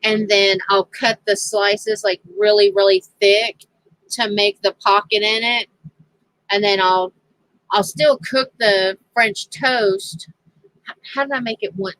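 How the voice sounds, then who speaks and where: A woman's voice: mid-range voice, fairly even intonation, takes it slowly, fairly bright tone, no room sound, low-quality recording. A woman telling a casual story on her crafting channel, chatty and laughing often as she quotes others.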